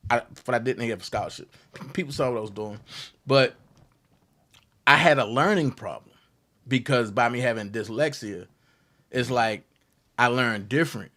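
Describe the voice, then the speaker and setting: A young man telling a story about his college days, acting out the voices of the people in it with loud jumps. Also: mid-range voice, moderate pace, pauses often. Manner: acts out quotes with big loud jumps in voice. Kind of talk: animated storytelling.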